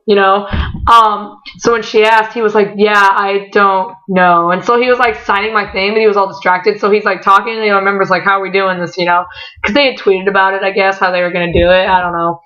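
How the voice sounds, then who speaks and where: A young woman telling a story in a casual vlog, rambling with lots of "like" fillers, bursts of excitement and laughter. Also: mid-range voice, a little fast, muffled recording. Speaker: vlogger.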